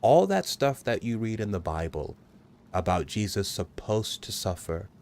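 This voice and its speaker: A man hosting a provocative monologue, talking slowly and graphically, mocking in a raised voice at times and addressing listeners as gentlemen. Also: fairly low pitch, sing-song. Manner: slow, graphic, mocking, acts out taunts in a raised voice. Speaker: podcast host.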